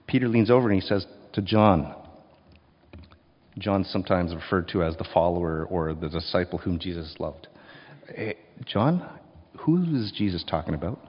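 A male pastor preaching a sermon, swinging between hushed and loud passages and acting out voices. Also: sits low, normal speed, breathy edge. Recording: dull sound with long hall reverb.

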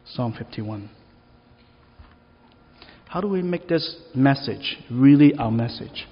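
A man's voice: mid-range voice, lively intonation, takes it slowly, breathy edge. A man preaching a sermon in an easy, conversational way, asking the listeners questions. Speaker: pastor. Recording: long reverb, dull lo-fi sound.

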